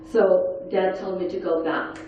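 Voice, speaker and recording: A woman's voice: fairly low pitch, steady tone, measured pace, slight background noise. Woman, middle-aged, earnest intense storyteller, distant mic, dull echoey hall. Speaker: survivor giving a talk at a forum session. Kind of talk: personal testimony speech. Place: large conference hall.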